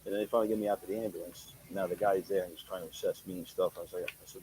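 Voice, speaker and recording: A man's voice: low voice, little pitch movement, rapid-fire, few pauses. A middle-aged man telling his story in a casual, rambling interview, acting out who said what. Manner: rambling, filler-heavy, talks in quoted dialogue. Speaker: interview guest. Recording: noisy background.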